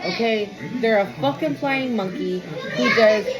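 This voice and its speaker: A woman's voice: fairly high pitch, unhurried, over music, poor audio. A woman giving a casual tarot reading, blunt, emphatic and full of swearing. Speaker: tarot reader.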